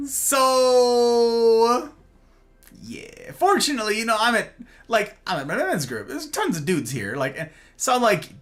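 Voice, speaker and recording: A man hosting a livestream, telling a rambling, self-mocking story in a casual, animated way. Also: extremely high pitch, a little slow, soft background music. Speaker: livestream host.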